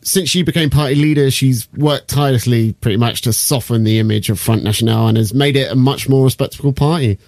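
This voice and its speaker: A man's voice: medium pitch, fairly quick, hardly any pauses, a little mellow, no room sound, clean studio sound. A man, hosting a casual podcast and walking through political background with jokes and the odd swear word. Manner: explains background at length, sweary and joking. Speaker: podcast host.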